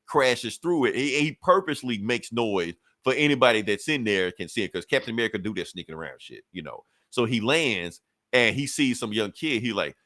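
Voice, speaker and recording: A man's voice: medium pitch, sharp tone, no room sound, clean studio sound. A man on a podcast retelling a comic book story in casual chat, acting out the characters' lines and swearing and laughing as he goes. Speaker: podcast co-host.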